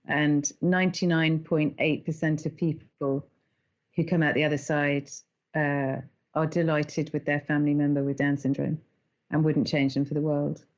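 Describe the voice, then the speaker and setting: A middle-aged woman, an animated storyteller who laughs often as a podcast guest. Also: sits low, normal speed, lo-fi sound. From England. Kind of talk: conversational interview.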